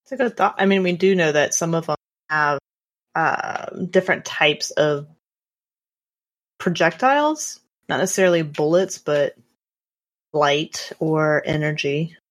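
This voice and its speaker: Low-pitched female co-host, relaxed, quick reactions. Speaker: podcast co-host. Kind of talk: casual podcast chat.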